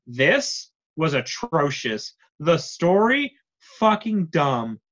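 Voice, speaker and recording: A man's voice: a little high, very animated, slow pace, fairly bright tone. Joking young man with a lo-fi sound. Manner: joking, swears freely. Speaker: podcast co-host. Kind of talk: casual chat.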